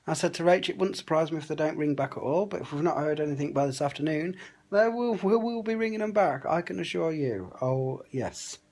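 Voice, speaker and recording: A man's voice: a little high, animated, a little fast, a little mellow. A man, chatting casually into his phone about his day at home, grumbling with indignant asides. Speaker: vlogger. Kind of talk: casual vlog chat. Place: family home. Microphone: phone held at arm's length.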